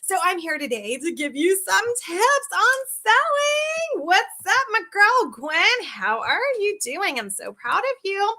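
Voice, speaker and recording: A woman's voice: very high voice, very animated, takes it slowly, sharp tone. A woman sales coach chatting bubbly and directly to viewers in a live video, talking into a phone. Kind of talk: live social media video talk.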